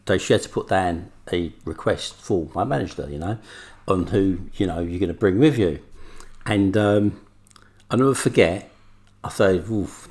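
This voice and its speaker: A man's voice: low voice, a little mellow. A man speaking as an interview guest, earnest and reflective as he looks back on his past. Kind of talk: interview talk.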